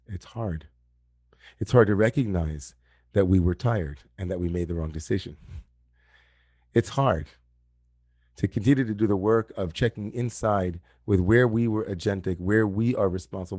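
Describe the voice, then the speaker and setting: Man, rabbi, sermon, low voice, dry close sound, repeats phrases for emphasis, video call. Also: a little mellow, no room sound. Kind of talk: sermon at an online service.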